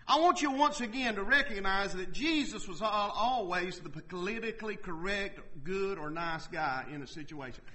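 A man preaching a sermon in a strikingly high voice with a bright, forward ring. He works through scripture earnestly and keeps checking in with his listeners through quick call-and-response asides. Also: rough recording.

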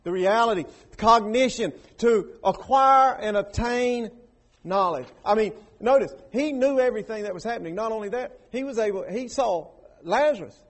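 Preacher guy with a high voice, stammers and repeats himself, goes quiet then loud, asks the crowd stuff. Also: normal speed. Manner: swings from hushed low lines to loud raised bursts; repeats words and restarts, asks the congregation questions. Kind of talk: sermon.

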